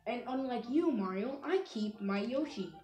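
A woman's voice: a little high, animated, normal speed, background noise, natural voice. A woman voicing a teasing young male plumber brother in a fan game voice-over, with a mocking, scolding way of talking. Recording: roomy echoey home recording.

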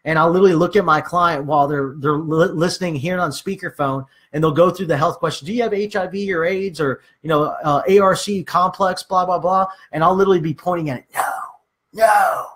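Higher-voiced man giving sales training. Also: quick pace, hardly any pauses, a bit bright. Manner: acts out dialogue with clients, many fillers. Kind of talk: casual training talk.

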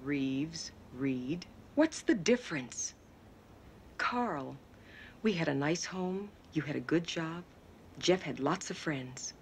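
A woman's voice: fairly high pitch, very animated, normal speed, a little hiss or hum. An actor playing a worried, reproachful mother who is fed up with the family's move, in a 1970s TV drama. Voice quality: sharp, reproachful.

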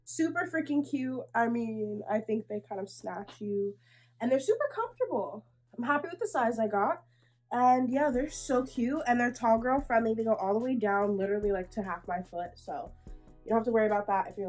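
A woman's voice: on the high side, moderate pace, soft background music, low-quality recording. A young woman vlogger chatting through a clothing try-on haul, sassy and blunt, hot and a little out of breath. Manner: sassy, blunt and animated, calls viewers sweetie. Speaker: fashion vlogger.

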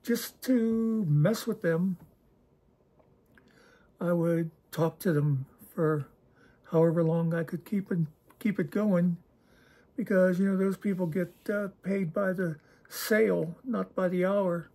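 A man's voice: high-pitched, slow pace, warm tone, breathy edge. A man hosting his own channel, talking in a casual, digressive monologue with a wry, self-deprecating humor. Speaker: channel host.

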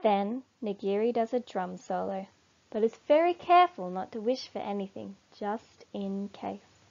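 A woman reading a children's picture book aloud in an expressive storytelling manner. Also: mid-range voice, moderate pace, vocal fry. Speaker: storybook reader. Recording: dull lo-fi recording.

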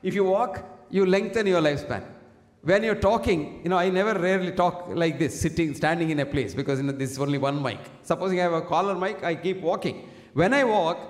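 A man's voice: high-pitched, brisk. Older man lecturing in an echoey hall. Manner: emphatic, rhetorical questions, quotes Sanskrit verses. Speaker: doctor giving a health talk. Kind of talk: public lecture. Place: lecture hall with a single mic. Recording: echoey hall with long reverb.

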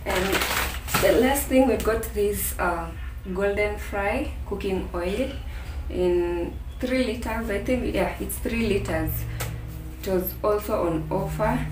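A Kenyan woman casually narrating a home vlog, relaxed and full of "yeah, so" fillers. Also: medium pitch, slow pace. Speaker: vlogger. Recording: echoey room, distant mic, faint music.

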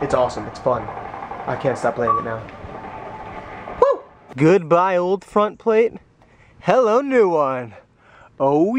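A young man chatting casually in a daily vlog, goofy and excitable, filming himself on a handheld camera as he goes about his day. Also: medium pitch. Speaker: daily vlogger. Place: on the go, in a car and at work. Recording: noisy background.

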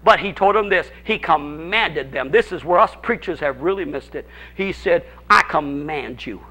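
A man pastor preaching a sermon at a church service, repeating phrases for emphasis and swinging between shouts and hushed tones. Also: fairly high pitch, animated, normal speed.

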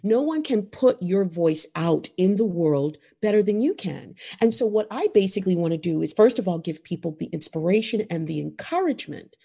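A middle-aged woman with a New York accent, speaking as a guest in a conversation. Her voice is mellow and warm, and her pitch moves a lot as she talks. She leans on her points by saying them again. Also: brisk, gravelly, few pauses, husky. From New York, USA. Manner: expressive, emphatic, laughs often, repeats for emphasis. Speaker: vocal coach guest. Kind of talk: animated interview conversation.

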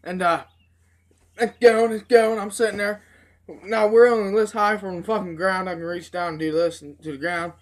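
A woman telling profane, animated stories in a casual review video. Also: mid-range voice, moderate pace. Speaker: tobacco dip reviewer. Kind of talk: casual storytelling.

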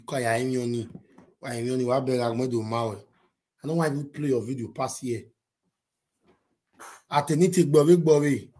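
A man with a Nigerian accent giving excitable, repetitive vlog commentary, switching between pidgin and a local language. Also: a little high. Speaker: vlogger commenting on a movie-industry dispute.

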